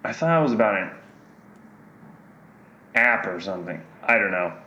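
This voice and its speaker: A man co-hosting a podcast in casual, joking chat with deadpan asides. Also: fairly low pitch, normal speed, reverberant, dull audio. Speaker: podcast co-host.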